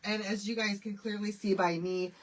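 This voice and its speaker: A woman's voice: medium pitch, fairly even intonation, moderate pace. A middle-aged woman from Michigan hosting a casual live craft stream, nasal and stuffy from a head cold, chatty and bubbly as she greets viewers by name. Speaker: craft livestream host.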